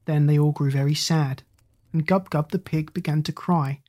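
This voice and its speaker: A narrator reading a children's storybook aloud in a steady, gentle way. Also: medium pitch, normal speed. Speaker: audiobook narrator.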